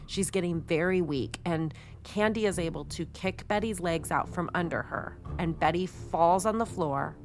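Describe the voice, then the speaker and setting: A woman's voice: on the low side, moderate pace, hardly any pauses, slight background noise. A woman co-hosting a podcast, telling a true-crime story in a chatty, casual way with many fillers. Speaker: podcast co-host.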